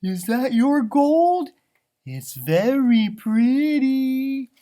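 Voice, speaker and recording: A man voicing a friendly, chatty female dog who talks slowly and gently. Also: very high-pitched, very animated, very noisy, voice pushed up, full character voice. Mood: apologetic. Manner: slow, gentle, apologetic.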